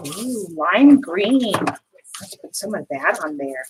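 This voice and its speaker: A woman's voice: medium pitch, sing-song, slow pace, background noise. An older grandmother chatting casually while she crafts, musing aloud with little hums as she works at a home table.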